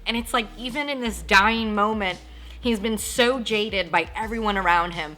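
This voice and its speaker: Woman, TV recap host, casual chat, sharp bright tone, emotionally invested. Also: mid-range voice. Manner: chatty, acts out characters' lines in quick asides; emotionally invested, jokes about crying.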